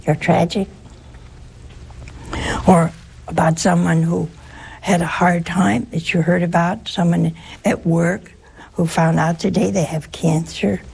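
Gravelly, raspy-voiced woman giving a chatty talk. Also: fairly low pitch, a little mellow. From United States. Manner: chatty, anecdotal, humorous. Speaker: religious sister giving a talk. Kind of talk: informal spiritual talk to an audience.

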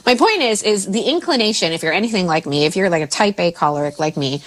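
A woman in her forties, a mindset coach, talking casually and jumping up in pitch when she quotes herself. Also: fast talker. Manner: animated, swoops into high pitch when quoting herself. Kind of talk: casual podcast chat.

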